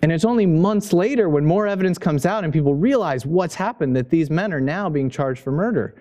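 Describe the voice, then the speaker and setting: A male pastor preaching a sermon, passionate and emphatic, pushing his pitch up to stress points. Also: expressive, brisk, darkish tone.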